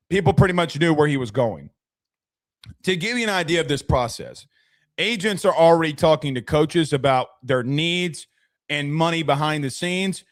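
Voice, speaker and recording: A man's voice: a little high, no room sound, studio quality. A young man hosting a casual sports talk stream, chatty, thanking viewers and often restarting his sentences. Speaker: sports podcast host.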